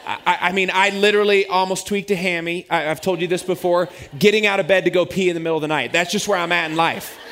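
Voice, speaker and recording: A man in his forties preaches in a fairly high voice. He tells a story with lively, self-mocking humor, as a pastor talking to his congregation.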